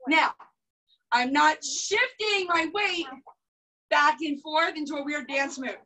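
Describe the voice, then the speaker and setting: A young woman teaching a karate class over a video call, brisk and commanding as she cues and counts drills. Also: high-pitched, pushed and bright, distant mic, rough recording. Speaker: karate instructor.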